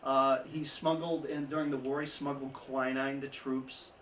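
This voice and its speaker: A man giving an informal history talk to an audience, telling the story with chuckling asides and lively emphasis. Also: mid-range voice, normal speed. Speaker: history speaker. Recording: echoey room, mic at a distance, faint background noise.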